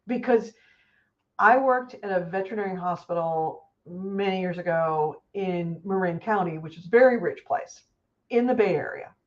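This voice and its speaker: Lively woman chatting on a lo-fi stream. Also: fairly low pitch, normal speed. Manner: animated, swearing storyteller. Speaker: podcast co-host. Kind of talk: casual chat.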